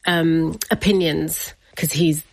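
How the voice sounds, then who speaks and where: Woman, lowish voice, chatty and laughy, super dry close sound. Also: fairly even intonation, slow pace, creaky, no echo. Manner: chatty, laughs often, acts out quotes. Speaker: interview guest. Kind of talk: personal storytelling.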